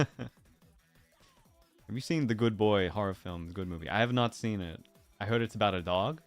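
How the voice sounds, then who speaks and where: A man's voice: on the low side, lively intonation, measured pace, soft background music. A man chatting casually on a livestream, musing aloud in a playful way and drifting into silly voices. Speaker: streamer.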